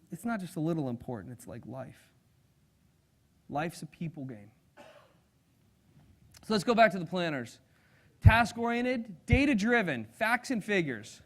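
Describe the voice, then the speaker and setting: A man with a fairly high voice runs a live seminar, talking energetically to the room. He pulls the audience in with questions and acts out different personality types as he goes. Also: fairly bright tone. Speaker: sales trainer.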